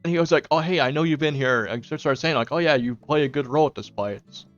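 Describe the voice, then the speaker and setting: Fast and fairly high in pitch, this young man rambles to viewers while streaming from home. His talk is loaded with fillers and lines he quotes to himself. The recording comes through a dull lo-fi mic with faint music.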